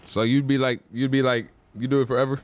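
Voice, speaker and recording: A man's voice: mid-range voice, level tone, fast. A young man hosting a podcast, chatting casually and asking short follow-up questions. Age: young adult. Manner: brief interjections and follow-up questions. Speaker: podcast host.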